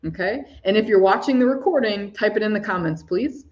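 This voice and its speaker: A woman hosting a live spiritual talk for chat viewers, soft-spoken and gushing, often breaking into laughs. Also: medium pitch, fairly quick, dull audio. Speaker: spiritual livestream host.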